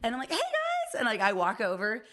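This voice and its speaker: A woman's voice: medium pitch, fast. A woman in her thirties co-hosting a podcast, telling stories in a casual chat and acting out the voices of the people in them. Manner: animated storyteller, acts out quoted voices, laughs often. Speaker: podcast co-host.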